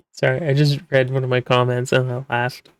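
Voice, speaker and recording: A man talks casually, rambling and restarting often, his voice sitting at an ordinary middle pitch. The sound is dry and close, with no room echo. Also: level tone, moderate pace, clean tone. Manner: rambling, with many fillers and restarts. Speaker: manga translator, podcast host. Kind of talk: casual explanatory talk.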